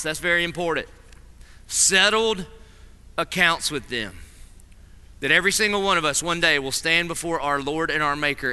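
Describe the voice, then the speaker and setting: Bright-voiced animated preacher in a hall. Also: male voice, on the high side, clear, resonant tone. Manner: animated, acts out voices in stories. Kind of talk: sermon. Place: chapel. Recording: long reverb of a large hall.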